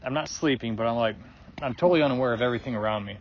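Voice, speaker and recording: A man's voice: medium pitch, very fast, a little hiss or hum. Rambling man telling a story, lo-fi sound. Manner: loose and rambling, many fillers and restarts, swears freely. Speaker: guest sharing a personal story. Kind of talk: casual conversational storytelling. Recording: dull lo-fi recording.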